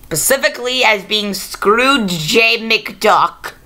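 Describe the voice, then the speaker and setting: A woman's voice: a little high, animated, takes it slowly, bright, forceful tone. A woman hosting a casual, improvised video review, rambling and correcting herself as she goes. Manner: rambling, unscripted, self-correcting.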